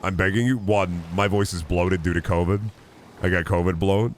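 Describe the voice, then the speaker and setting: A man's voice: deep voice, steady tone, normal speed, a little hiss or hum. A man streaming a video game, rambling and joking with lots of fillers. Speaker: gaming streamer. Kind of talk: casual live-stream commentary.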